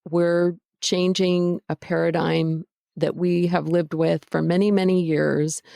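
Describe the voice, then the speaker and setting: A woman podcast host speaking in a measured, encouraging way, closing the conversation and reading the outro. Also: deep voice, gravelly, mellow, no room sound, studio quality.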